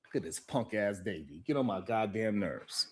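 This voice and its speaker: A man hosting a live talk show, ranting in animated, profane commentary and repeating himself for emphasis. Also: lowish voice, normal speed, breathy edge. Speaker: host.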